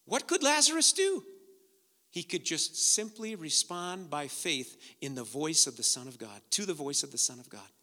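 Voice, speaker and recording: A man pastor preaching a sermon, swinging from hushed, slow passages to loud, emphatic ones. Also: high voice, long reverb tail.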